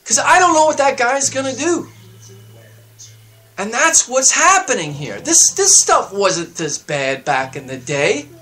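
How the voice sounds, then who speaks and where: A man hosting his own show, delivering a heated political rant that swings up into loud, high outbursts. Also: big pitch swings, measured pace. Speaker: show host. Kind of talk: ranting political monologue.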